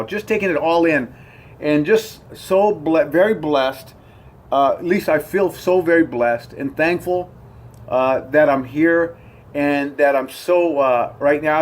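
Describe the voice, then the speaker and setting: A middle-aged man vlogging casually from his front porch, rambling upbeat with lots of fillers and restarts. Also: fairly high pitch. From United States. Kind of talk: casual rambling vlog to camera.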